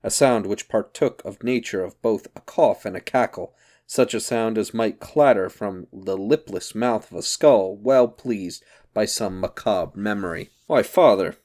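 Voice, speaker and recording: A man narrating a comic novel in a measured, even reading. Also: fairly low pitch. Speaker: audiobook reader. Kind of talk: scripted narration.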